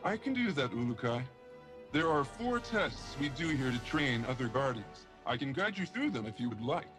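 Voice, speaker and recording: An actor playing a young, earnest alien guardian in a video game, speaking formally and with measured care. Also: male voice, medium pitch, sing-song, natural voice. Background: game music.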